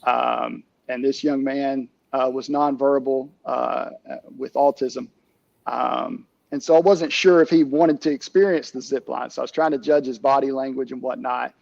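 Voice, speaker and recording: A middle-aged man, a camp director, telling stories in a casual interview, halting with many restarts and fillers. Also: mid-range voice, steady tone, gravelly, darkish tone, dry recording, dull audio.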